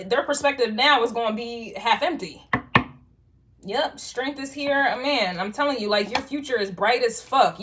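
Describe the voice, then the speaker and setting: A woman's voice: on the high side, a bit bright, slight background noise. A woman giving a casual tarot reading to viewers, talking in loose streetwise slang with frequent swearing and rambling restarts. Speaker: tarot reader.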